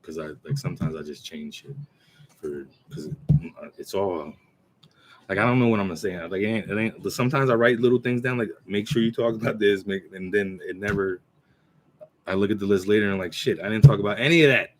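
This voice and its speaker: A man in his forties talking casually to a computer mic, rambling with restarts and clearing his throat. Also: sits low, fairly even intonation, very noisy. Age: 40s. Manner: recites his own verses in a slow, measured cadence. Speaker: channel host. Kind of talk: casual talk to camera.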